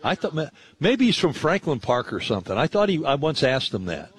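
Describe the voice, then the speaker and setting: A man's voice: a little high, sing-song, fairly quick, slightly rough. A man hosting sports radio, chatting in a friendly, rambling way about the local games. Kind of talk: casual sports radio talk.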